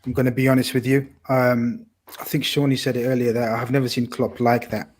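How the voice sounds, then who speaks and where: A man's voice: mid-range voice, flat delivery, fairly quick. A man talking football on a casual podcast, talkative and blunt, swearing casually. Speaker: podcast co-host.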